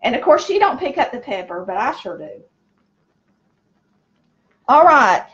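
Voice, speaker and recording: A woman's voice: fairly high pitch, very animated, unhurried, fairly bright tone, highs cut off. A middle-aged woman with a Southern American accent, chatting folksily as she cooks in her home kitchen. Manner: folksy, chatty, talks to viewers as y'all. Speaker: cooking show host. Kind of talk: casual cooking chat.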